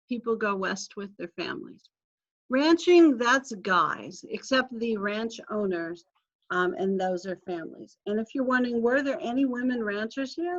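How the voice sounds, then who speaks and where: A woman's voice: on the high side, dry recording. A middle-aged woman giving a casual history lecture, chatty and full of self-deprecating asides. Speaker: history teacher. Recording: dry, dull lo-fi recording.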